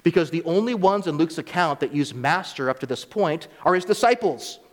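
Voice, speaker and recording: A man's voice: a little high, animated, a little fast, in a large hall. A man preaching a sermon in a conversational way, sometimes acting out the voices of people in the story. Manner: conversational, acts out voices of biblical figures.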